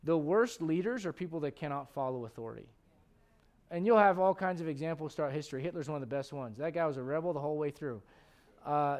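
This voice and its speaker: A man in his thirties, a pastor preaching a lively, conversational sermon with frequent restarts. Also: a little high, clear, resonant tone.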